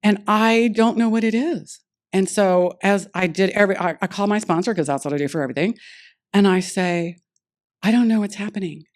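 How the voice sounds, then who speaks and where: A woman speaking at a recovery meeting, telling her personal story in a lively way and acting out the dialogue she recalls. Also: medium pitch, a little fast. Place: meeting room.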